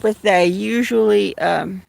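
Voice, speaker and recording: A woman's voice: medium pitch, slow, creaky, darkish tone. A woman hosting a casual phone livestream outdoors, chatting to her cats and viewers in a rambling way. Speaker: livestream host. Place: outdoors with kittens, walking to a field.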